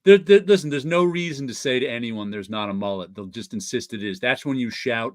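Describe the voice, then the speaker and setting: A man's voice: medium pitch, expressive, moderate pace, no echo. Chatty laughing male podcast host. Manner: chatty, laughs often, teasing. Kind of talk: casual group chat about comics.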